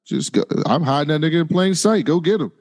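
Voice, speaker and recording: Man parodying a scheming woman informant, high put-on voice, exaggerated, reverberant hall sound. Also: animated, quick pace, darkish tone. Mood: mocking. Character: scheming woman informant mocked with a sloppy street voice.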